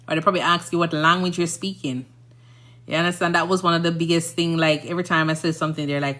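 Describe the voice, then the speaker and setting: A Jamaican woman chats casually on her livestream, her voice bright and forceful though pitched fairly low. She rambles through stories and keeps checking in with her listeners, asking if they understand. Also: fairly even intonation, a little fast. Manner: chatty, rambling, often asks "you understand?". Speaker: nurse and livestream host.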